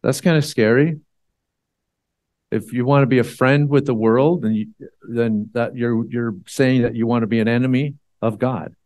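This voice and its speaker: Male church elder, mid-pitched, dry close sound, chatty sermon delivery with ums and restarts. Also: steady tone, normal speed, darkish tone, no room sound. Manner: conversational, with frequent fillers and restarts.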